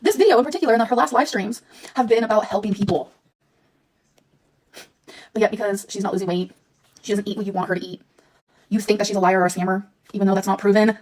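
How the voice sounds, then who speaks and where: A woman's voice: mid-range voice, quick pace, long pauses, a little mellow, poor audio. A woman in her thirties, a vlogger delivering an angry, exasperated rant into her phone, swearing often. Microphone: phone held close.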